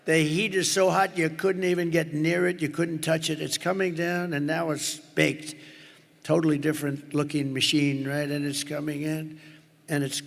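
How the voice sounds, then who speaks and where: A man's voice: on the high side, gravelly, a bit bright. A man giving a rambling, boastful rally speech in a large indoor arena, with off-the-cuff asides to the crowd. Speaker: political candidate at a rally. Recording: arena with long reverb and crowd noise. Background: cheering crowd.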